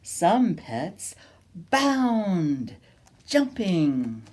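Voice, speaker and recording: A woman reading a picture book aloud at a children's storytime, slow and sing-song, inviting the children to join in. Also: lowish voice, very animated, darkish tone.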